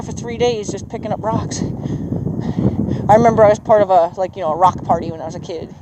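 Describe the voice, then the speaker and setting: A horse trainer coaching a student through a riding lesson in an outdoor arena. The trainer keeps praising the horse and explains things in a relaxed, chatty way. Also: mid-range voice, quick pace, background noise. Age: adult with children. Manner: encouraging, praises the horse often.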